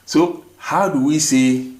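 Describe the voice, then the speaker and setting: A language teacher and show host speaks slowly in a fairly high, slightly mellow voice. His lesson is slow and repetitive, full of repeated phrases and rhetorical "what?" questions that come before each answer.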